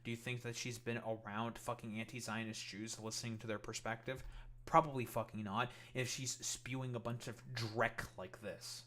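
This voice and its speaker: A man's voice: mid-range voice, level tone, moderate pace, fairly bright tone, a little hiss or hum. A man hosting a political commentary stream, ranting heatedly and swearing constantly. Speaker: streamer host.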